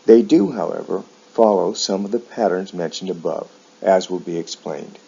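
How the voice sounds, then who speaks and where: A man teaching English verb forms, saying each example word slowly and carefully. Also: low voice, creaky, mellow, husky. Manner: slow, careful enunciation of example words. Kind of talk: slow explanatory pronunciation lesson. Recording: dull lo-fi sound.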